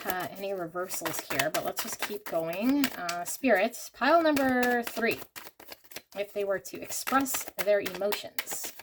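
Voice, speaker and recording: A woman's voice: medium pitch, background noise. A woman giving a casual pick-a-card tarot reading to her viewers, emotional and chatty with many fillers. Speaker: tarot reader.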